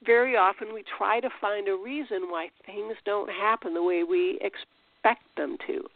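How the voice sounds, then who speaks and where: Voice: medium pitch, fairly even intonation, normal speed, no room sound. Speaker teaching about god and the soul, chatty, tinny phone-line sound, very dry. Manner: conversational, restarts and rhetorical questions. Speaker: Christian teacher. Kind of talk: informal spiritual teaching.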